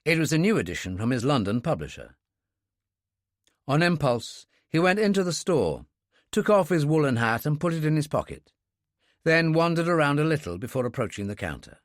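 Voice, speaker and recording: A man narrating a thriller audiobook in a steady, measured storytelling manner. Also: on the high side, no room sound, clean studio sound. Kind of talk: scripted narration.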